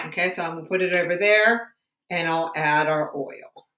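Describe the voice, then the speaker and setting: A woman teacher with a bright voice, leading a science lesson from home. She asks patient, encouraging questions, and her voice rings in an echoey room. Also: fairly low pitch, normal speed.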